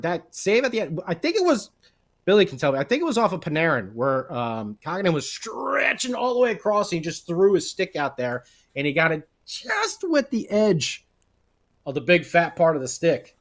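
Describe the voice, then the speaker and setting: A man hosting a casual sports podcast, chatting with plenty of "you know" and "um." His voice sits a bit high and swoops around lively. He keeps the chat loose and animated. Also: fairly quick. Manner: chatty, animated, with filler words. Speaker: podcast co-host.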